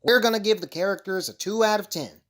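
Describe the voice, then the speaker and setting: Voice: mid-range voice, fast, close to an everyday voice. A performer voicing a dry, sarcastic male clay-animation figure who reviews movies. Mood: calm. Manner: deadpan, sarcastic.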